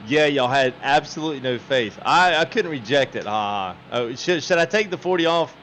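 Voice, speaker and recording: Guy livestreaming a game, chatty and giggly, bouncy pitch, bit of background noise. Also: animated, normal speed, fairly bright tone. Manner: laughing, chatty, quotes chat. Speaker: livestream host. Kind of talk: casual game livestream commentary.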